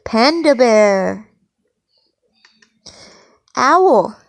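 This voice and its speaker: A woman's voice: on the high side, lively intonation, very slow, gravelly, dry recording. A woman patiently teaching a toddler animal names at home, with exaggerated encouraging praise.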